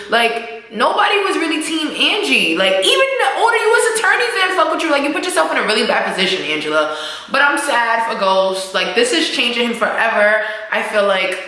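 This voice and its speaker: A young woman vlogger recapping a TV episode in casual, slangy talk, acting out the characters' lines as she goes. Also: on the high side. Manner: animated, acts out characters' lines while recapping; slangy, swears freely. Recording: very echoey room.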